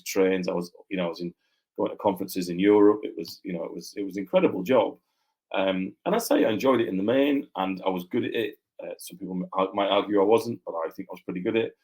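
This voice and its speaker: A man's voice: low voice, fast, a little mellow. A middle-aged man from Yorkshire, a podcast guest, reflecting on his career in casual, rambling talk with many fillers and restarts. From Yorkshire, England. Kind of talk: casual interview chat.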